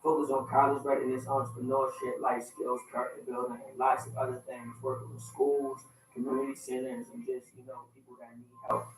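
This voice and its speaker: A man co-hosting a talk radio show, talking in a relaxed, laid-back way from a studio. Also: mid-range voice, fairly quick, hardly any pauses. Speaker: radio co-host. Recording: roomy, distant mic, faint noise.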